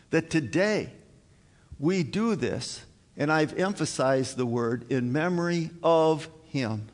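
A man preaching a communion sermon as pastor, slow and earnest, building to emphatic high points. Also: big-room sound. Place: church sanctuary.

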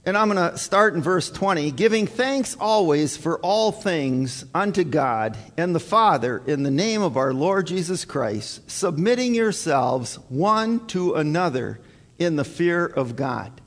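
A man's voice: fairly high pitch, lively intonation, measured pace, fairly bright tone. A male pastor preaching a sermon to his congregation in an earnest, emphatic way, repeating his key points. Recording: long hall reverb.

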